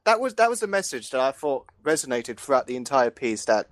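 A man's voice: sing-song, a little fast, no echo. A man in casual comedic chat, rambling through an absurd made-up story with his friends. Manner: rambling, pitches absurd comic scenarios.

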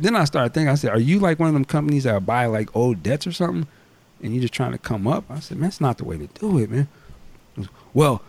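A man's voice: medium pitch, creaky, a little mellow. A man casually telling a story on a podcast, laid-back and slangy, acting out both sides of a phone call. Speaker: podcast co-host.

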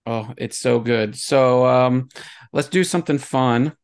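A man's voice: medium pitch, slow, gravelly, smooth. A man hosting a casual film podcast, chatting loosely and laughing often. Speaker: podcast host. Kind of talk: casual chat.

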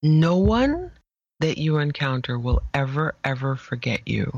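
A woman speaking as a guest, an image therapist telling an emphatic, animated story in conversation. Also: deep voice, measured pace, dry recording, lo-fi sound. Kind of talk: conversational interview.

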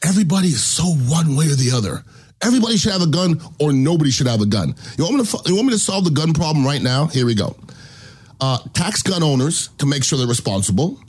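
Husky-voiced man ranting bluntly. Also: fairly high pitch, big pitch swings, fast talker. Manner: blunt, ranting, swears freely. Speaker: podcast host. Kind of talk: opinionated podcast monologue.

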